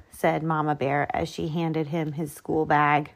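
Woman, former kindergarten teacher, storybook read-aloud, clear, child-friendly, slow. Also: low voice, little pitch movement.

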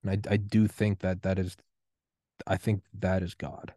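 A man's voice: sits low, level tone, unhurried, dark tone, dry recording, clean studio sound. A man in his thirties hosting a solo podcast rant, profane, defiant and impassioned. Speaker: podcast host.

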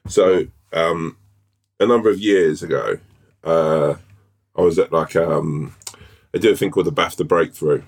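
A man co-hosting a podcast in casual chat, chatty and quick to tell anecdotes, swearing now and then. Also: low voice, gravelly. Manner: chatty, swearing, tells anecdotes with put-on voices. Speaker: podcast co-host.

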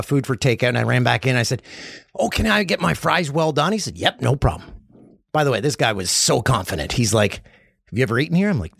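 A man's voice: medium pitch, creaky, breathy edge, no room sound, studio quality. A man hosting a podcast, from Canada, telling rambling jokey stories in a casual comedic monologue. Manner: rambling, jokey storytelling with lively swings. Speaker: podcast host.

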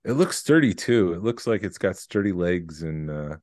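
A man's voice: sits low, animated, moderate pace, a little mellow, no room sound. A man co-hosting a collectibles podcast in casual chat, rambling and wry. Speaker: podcast co-host.

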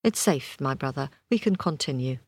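A wise, patient blind man who speaks gently and calmly, played by a woman telling the tale. The voice moves up and down. It sits close and dry. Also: rumbling low, moderate pace, no room sound. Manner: gentle, pleading, calm.

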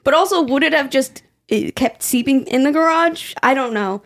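A young woman co-hosting a podcast in casual chat, telling stories animatedly with plenty of swearing. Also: moderate pace. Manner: animated storytelling, swears freely, voice jumps high when quoting. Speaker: podcast co-host.

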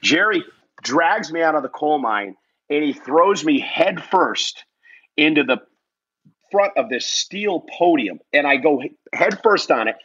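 Husky, bright-voiced man telling stories. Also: fairly high pitch, muffled recording. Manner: lively, self-mocking, acts out quoted voices. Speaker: guest. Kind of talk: animated storytelling in a casual interview.

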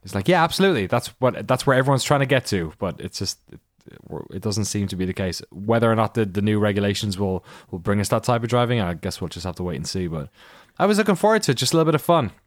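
A man's voice: fairly low pitch, fast talker, no room sound. A man co-hosting a casual podcast, hesitant and full of fillers, with dry sarcastic asides. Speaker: podcast co-host. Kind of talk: casual chat.

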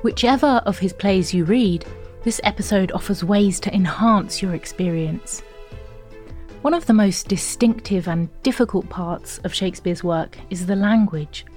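A woman narrating an educational course in a clear, even, instructive scripted read. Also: medium pitch, a little slow, faint music behind.

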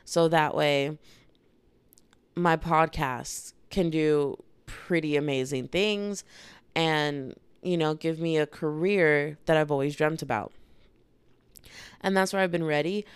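A woman's voice: low-pitched, clean tone, no echo. A woman in her twenties hosting a solo podcast, talking candidly and rambling in casual slang, her throat dry and irritated. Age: 20s. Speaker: podcast host.

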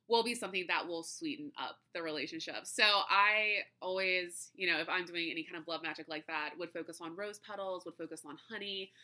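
A woman's voice: fairly low pitch, pushed and bright. A young adult woman hosting a podcast in casual chat, rambling with lots of "like" and "you know" and laughing often. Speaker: podcast host.

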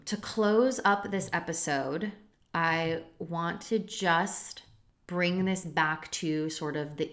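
Woman, 30s, solo podcast host; earnest and confessional, lower pitch, casual swearing. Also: fairly bright tone. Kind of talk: reflective solo podcast talk.

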